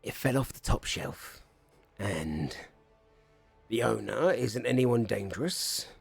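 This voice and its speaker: A man doing a quiet, evasive shady shopkeeper. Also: medium pitch, animated, slow, gravelly, slightly rough, no room sound, soft background music, exaggerated voice. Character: shady middle-aged male shopkeeper, evasive and wary.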